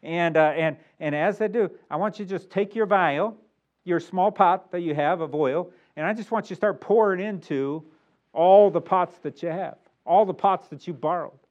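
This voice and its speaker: A man preaching a sermon, reading King James verses aloud and growing louder on key points. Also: high voice, normal speed, dull audio.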